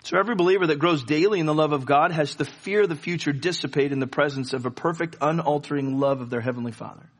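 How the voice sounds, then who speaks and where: A man's voice: a little high, quick pace, hardly any pauses. A man preaching a sermon, telling a story and rising to fervent pleas. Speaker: pastor.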